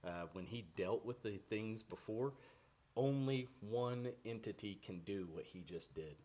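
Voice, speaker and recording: A man teaches a devotional in a relaxed, conversational way. He speaks earnestly, often pausing with fillers and restarting phrases. His voice sits somewhat low.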